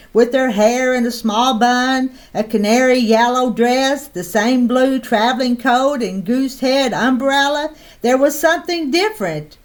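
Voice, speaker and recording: Lady reading a kids' picture book out loud, slow pace, high voice. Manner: slow, expressive read-aloud. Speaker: storyteller.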